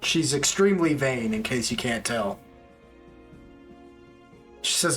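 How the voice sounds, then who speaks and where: A man narrating a tabletop game as game master, casual and quick to laugh, with rambling asides. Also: mid-range voice, lively intonation, a bit bright, soft background music.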